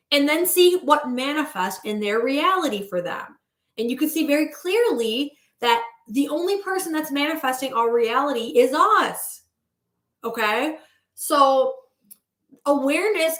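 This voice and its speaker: A woman's voice: high voice, reverberant. A woman manifestation coach in a breezy, chatty livestream talk, greeting viewers as she goes.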